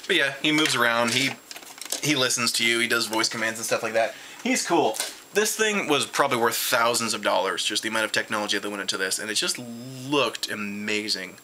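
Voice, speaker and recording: A tired man at home, rambling excitedly through a casual convention recap with lots of restarts. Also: fairly quick, a little hiss or hum. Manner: jumps high in pitch when retelling his reactions. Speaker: vlogger reviewing a convention.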